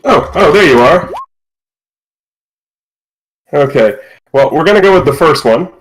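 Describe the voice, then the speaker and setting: A man acting as game master, explaining rules and narrating a tabletop game over a voice call with a relaxed, playful manner. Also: a little high, a little slow, slight background noise, rough recording.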